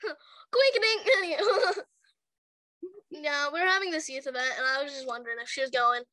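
Giggly high-voiced young woman rambling. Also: racing, bright, forceful tone, dry recording. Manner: giggly, rambling storyteller who acts out quotes. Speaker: chat partner. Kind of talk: casual chat.

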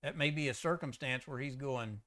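A man's voice: medium pitch, normal speed, a bit bright. A middle-aged former policeman talks about faith in a mid-range voice. His speech is candid and rambling, and he often restarts his sentences. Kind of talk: faith discussion.

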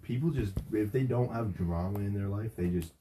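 A man's voice: fairly low pitch, moderate pace, background noise. A young man co-hosting a casual podcast, with loose, slangy talk. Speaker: podcast co-host.

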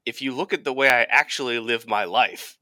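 A man co-hosting a casual podcast, telling an anecdote in a lively, animated way. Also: medium pitch, brisk, no room sound, studio quality. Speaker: podcast co-host. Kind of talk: casual podcast chat, storytelling.

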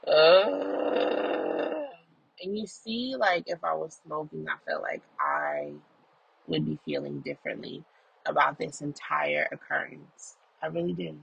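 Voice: medium pitch, a little slow, vocal fry, a bit bright, breathy edge, highs cut off. A person recording a casual audio journal in a car while driving, telling a story in an emphatic, profane way. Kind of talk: casual venting monologue.

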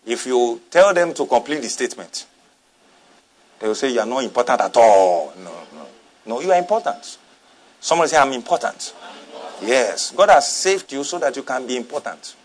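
A man's voice: mid-range voice, animated, normal speed. A man preaching a sermon as pastor, emphatic, repeating lines and calling on the congregation to respond.

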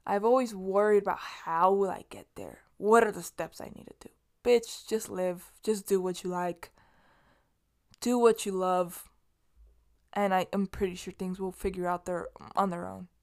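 This solo podcast host, a young woman from Los Angeles, talks casually and meanderingly, with plenty of swearing and restarts. Her voice is medium in pitch, steady in tone and at a normal speed.

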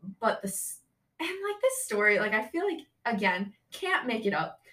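A woman's voice: fairly high pitch, normal speed, distant mic. A young woman guesting on a podcast, telling a story in casual chat and saying "like" constantly. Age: young adult. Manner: chatty, heavy use of "like", animated retelling.

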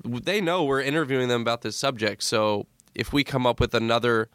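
A man talking as a guest on a podcast, telling stories in a lively, joking way with quick asides. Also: mid-range voice, clean tone, no room sound. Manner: animated storyteller, jokey asides. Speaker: comedy producer, guest. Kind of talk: casual podcast chat.

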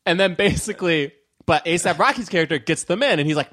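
A man's voice: on the high side, a little fast. A man co-hosting a podcast, chatting casually about a film and acting out its lines with lots of laughter. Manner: animated, acts out movie lines, laughs a lot. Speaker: podcast co-host.

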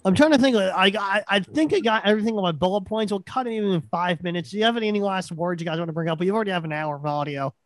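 A man's voice: high voice, racing, few pauses, no room sound. A man hosting a casual podcast chat, easygoing and agreeable. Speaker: podcast host.

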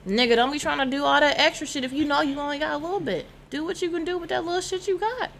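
Woman, 30s, podcast co-host, blunt and teasing, slightly high voice. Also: quick pace, gravelly, fairly bright tone, a little hiss or hum. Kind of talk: raunchy casual banter.

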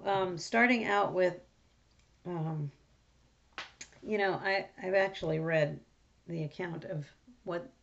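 A woman's voice: lowish voice, creaky. A woman talking through a Bible passage in a casual, rambling way, full of fillers and restarts. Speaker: Bible study speaker. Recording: dull lo-fi recording.

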